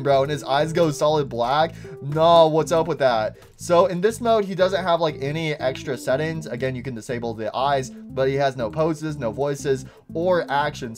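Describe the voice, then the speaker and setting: A young man giving excitable, casual commentary on a game and saying "bro" a lot. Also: on the high side, normal speed, hardly any pauses, faint music behind. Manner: excitable, says "bro" often. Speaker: gaming YouTuber.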